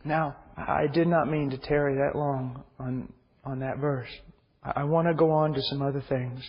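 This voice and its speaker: A man preaching an impassioned sermon, dropping to hushed near-whispers and rising to loud fervent pleas. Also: mid-range voice, steady tone, normal speed. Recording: dull muffled sound with hall reverb.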